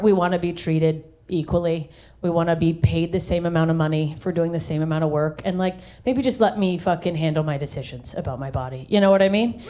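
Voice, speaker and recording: A woman from the American South doing a brash, profane stand-up set into a handheld mic on stage. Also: mid-range voice. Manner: brash, profane, animated storytelling. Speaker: stand-up comedian. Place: theater stage.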